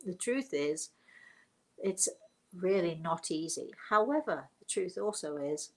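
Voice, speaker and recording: A woman's voice: on the low side, expressive, unhurried, rough recording. An older woman chats off the cuff, her stories running on and doubling back. She laughs easily as she goes. Her voice comes through a computer mic on a live stream. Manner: chatty and rambling, laughing often. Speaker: host, spiritual medium and author. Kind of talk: casual live-stream chat.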